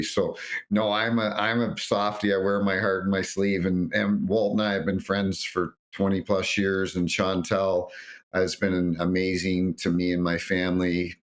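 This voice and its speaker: A middle-aged man, a former referee, telling lively anecdotes in an interview and acting out what others said. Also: low voice. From North America. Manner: animated anecdotes, acts out quotes. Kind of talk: storytelling interview.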